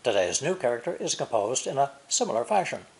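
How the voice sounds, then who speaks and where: A man narrating a recorded language lesson, explaining slowly and deliberately, with example sentences read in Chinese. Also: medium pitch, big pitch swings, gravelly, a little mellow. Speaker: language teacher.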